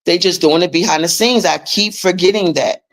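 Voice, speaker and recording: This livestream host, who teaches finance paperwork, has a fairly low voice and a moderate pace. She delivers a casual, profane, emphatic rant, bluntly pressing viewers to take control of their money.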